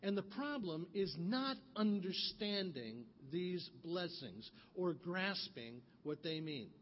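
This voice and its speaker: A man's voice: animated, slow pace. A man preaching a sermon, telling a story in the second person and acting out the voices of the people in it. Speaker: pastor. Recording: muffled audio with long hall reverb and faint rumble.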